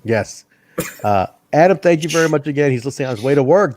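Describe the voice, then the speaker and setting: A man co-hosting a casual wrestling review podcast, an animated storyteller who laughs often, swears, and acts out quotes in a higher voice. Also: fast, a little hiss or hum. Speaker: podcast co-host.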